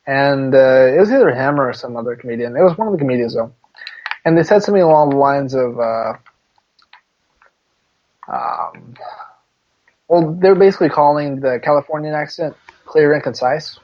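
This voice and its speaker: A man's voice: medium pitch, animated, moderate pace, long pauses. A man co-hosting a podcast in casual chat, teasing and laughing often. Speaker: podcast co-host. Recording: dull lo-fi recording.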